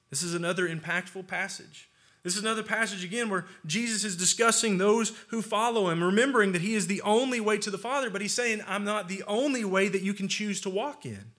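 Earnest high-voiced young preacher. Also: male voice, fairly bright tone. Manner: earnest, deliberate, slows and stresses key phrases. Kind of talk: sermon with scripture reading.

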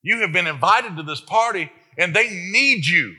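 A male pastor delivers a lively sermon, leaning on rhetorical questions and emphatic asides. His voice sits a little high and rings very bright and forceful. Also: normal speed, few pauses, breathy edge.

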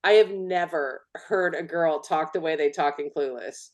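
A woman's voice: sits low, moderate pace. A Californian woman co-hosting a podcast, chatting casually with strong opinions, swearing freely and saying "like" a lot. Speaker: podcast co-host. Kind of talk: casual chat.

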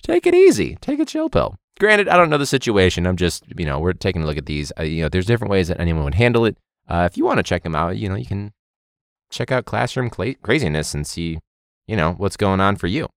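A man's voice: sits low, fast talker, smooth, no room sound, clean studio sound. A young man, a teacher hosting a podcast, talking casually and animatedly, joking and mimicking others. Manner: animated, jokey, mimics people in a loud voice.

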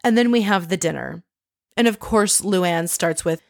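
A woman's voice: fairly low pitch, normal speed, gravelly, dry recording, studio quality. Chatty gossiping woman recapping. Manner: animated gossipy storytelling, swears casually. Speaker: reality TV recapper. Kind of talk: casual recap vlog.

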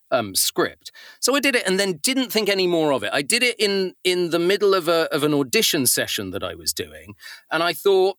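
A man who works as a voice actor chatting as a podcast guest, relaxed and self-deprecating. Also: on the high side, dry recording, studio quality. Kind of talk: casual interview chat.

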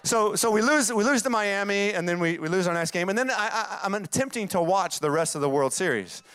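A man's voice: high-pitched, lively intonation, a little fast, fairly bright tone, clean tone, no room sound, clean studio sound. A man in his forties with a Southern accent, preaching a sermon with emphatic, repeated phrases that build up. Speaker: pastor.

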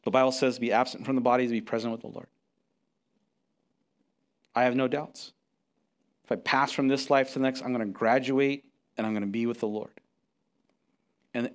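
A middle-aged man preaching a sermon as pastor, telling stories with lively acted-out quotes and often repeating words as he restarts. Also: medium pitch. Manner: animated storytelling, acts out quotes.

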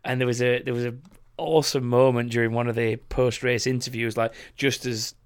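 A man's voice: medium pitch, level tone, fairly quick, clean tone. A British man co-hosting a casual motorsport podcast, telling anecdotes and teasing his co-hosts. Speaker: podcast co-host.

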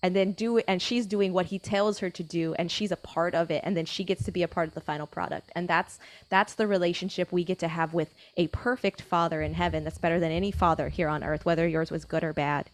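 A woman's voice: lowish voice, fairly even intonation, fairly quick, few pauses. A woman talking earnestly as a podcast guest in a casual faith conversation, with frequent filler words.

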